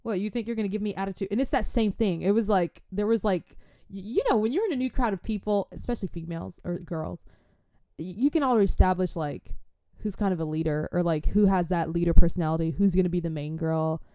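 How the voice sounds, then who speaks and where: A young woman talks straight to camera in an animated, slangy way, acting out the voices of the people she quotes. Her voice is mellow and warm. The sound is close and dry, with no room echo. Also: mid-range voice, fast, smooth. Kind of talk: casual storytime and faith talk.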